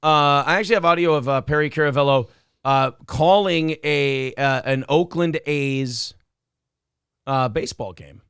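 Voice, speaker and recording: A man's voice: on the high side, moderate pace, fairly bright tone, clean tone, dry recording, studio quality. A slightly drunk man hosting a casual live stream, rambling and fumbling with lots of fillers. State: a little drunk. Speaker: podcast host.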